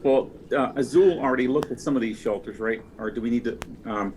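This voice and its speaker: A man's voice: mid-range voice, fairly quick, a little mellow, a little hiss or hum. A man playing a tabletop game who sounds unsure and keeps checking the rules. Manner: unsure, asks about the rules. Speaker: player.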